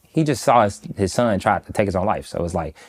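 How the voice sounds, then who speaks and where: A man from Michigan, a guest in an interview, recounting a personal story in a slow, halting, reflective way with many pauses. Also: on the low side, animated. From Michigan, USA.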